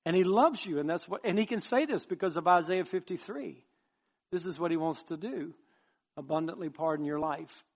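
Impassioned male pastor preaching. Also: high voice. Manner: impassioned, emphatic preaching with soft pleading passages. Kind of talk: sermon.

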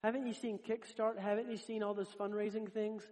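A man's voice: high-pitched, level tone, fairly quick, a little mellow. A man preaching a sermon, earnest and direct, talking straight to his congregation.

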